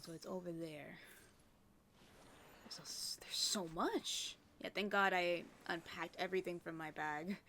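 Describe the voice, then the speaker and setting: A woman chatting her way through a video game, talking casually to her viewers. She often trails off into quiet murmurs and whispered asides to herself. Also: mid-range voice, slight background noise. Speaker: let's play creator. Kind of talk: casual gameplay commentary.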